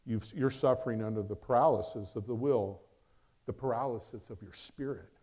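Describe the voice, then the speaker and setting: A man's voice: medium pitch, brisk, warm tone. Man preaching with a personal story. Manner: storytelling, acts out dialogue with swings in volume. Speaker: pastor.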